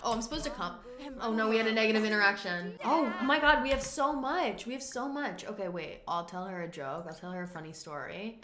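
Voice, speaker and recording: A woman hosting a gaming video, giving excitable let's-play commentary with frequent swearing and joking self-mockery. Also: mid-range voice, a little hiss or hum. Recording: roomy room sound.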